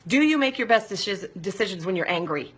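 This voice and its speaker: A woman hosting a live recovery talk, speaking in a confessional, expressive way and often checking in with "right?". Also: mid-range voice, fairly quick, breathy edge.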